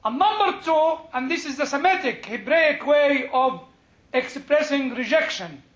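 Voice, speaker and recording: A man's voice: very high-pitched, animated, a little slow, a bit bright, echoey room, muffled recording. A man lecturing a class on the Bible, chatty and digressive, full of "you know" and little chuckles, asking his listeners questions. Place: lecture room with a live audience.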